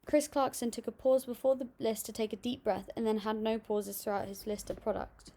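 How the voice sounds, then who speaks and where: Young woman, gravelly low-toned voice, somewhat high pitch, reading a class presentation from notes. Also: steady tone, brisk, dark tone, a little hiss or hum. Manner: reads steadily from notes with small restarts. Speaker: student presenting an assignment. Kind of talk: read-aloud school presentation.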